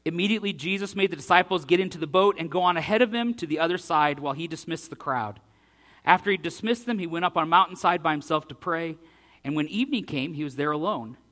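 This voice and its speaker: A male pastor preaching a sermon and reading scripture aloud, acting out the dialogue with big swings in loudness. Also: on the high side.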